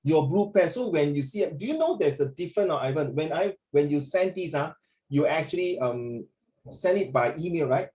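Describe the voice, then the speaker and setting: A man's voice: a little high, lively intonation, moderate pace, dark tone, low-quality recording. A man teaching an online lesson over a video call, playful and teasing as he corrects a student and calls him "my dear".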